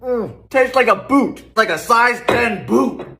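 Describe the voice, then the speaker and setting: Male home cook, comedic recipe narration; camp, sarcastic, very animated pitch, echoey kitchen. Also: slow pace, vocal fry, noisy background. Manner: campy, theatrical, sarcastic one-liners with sudden loud exclamations. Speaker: home baker.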